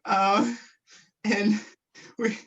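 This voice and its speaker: A woman's voice: mid-range voice, level tone, very slow, gravelly, fairly bright tone, highs cut off. A woman radio host interviewing a guest over a video call, reading her questions with many "um" and "uh" fillers. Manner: reads questions, hesitant fillers. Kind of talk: remote interview.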